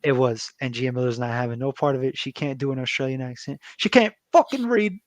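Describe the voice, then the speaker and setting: A man's voice: mid-range voice, level tone, fast. Man casually recapping a wrestling show. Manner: loose and profane, with frequent fillers and laughs. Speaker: wrestling podcast co-host.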